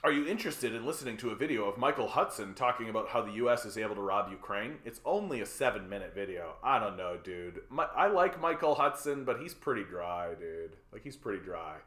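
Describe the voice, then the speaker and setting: A man's voice: on the low side, animated, a little fast, hardly any pauses, fairly bright tone. A man hosting a political livestream in a heated, profane rant that is full of repeated words and fillers. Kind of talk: ranting live-stream commentary. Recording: roomy echo.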